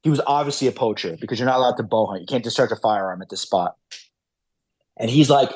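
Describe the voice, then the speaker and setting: A man's voice: medium pitch, fast talker, a little mellow, breathy edge, no room sound. Rambling man telling stories on a podcast. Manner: rambling, many fillers and restarts. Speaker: podcast guest, falconer. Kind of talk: casual storytelling.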